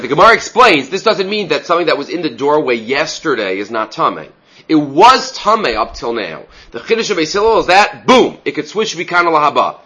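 A man's voice: a little high, pushed and bright, breathy edge, highs cut off. A man giving a casual Talmud study lecture, reading Aramaic phrases and explaining them in English, often asking "right?". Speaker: Talmud teacher.

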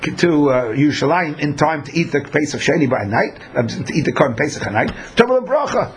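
Animated male Talmud teacher. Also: on the high side, a little fast. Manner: animated, acts out the people in his examples. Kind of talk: Talmud lecture.

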